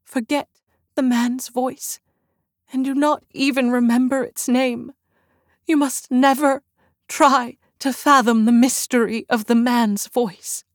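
A woman voicing a frightened young woman who pleads in a high, trembling voice. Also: steady tone, slow, dry recording, clean studio sound. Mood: pleading.

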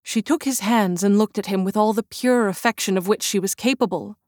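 A woman narrating an audiobook in a measured storytelling voice. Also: medium pitch, darkish tone, dry recording, studio quality. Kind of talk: scripted narration.

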